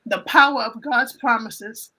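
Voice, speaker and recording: A woman telling an emotional personal faith story in a casual panel chat, animated and often repeating her phrases. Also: fairly high pitch, unhurried, breathy edge, rough recording. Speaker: guest on a livestream panel.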